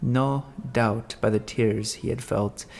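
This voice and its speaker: Slow solemn guy reading an old novel, gravelly and low, soft music behind. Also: fairly even intonation. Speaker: audiobook narrator. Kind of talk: scripted narration of a classic novel.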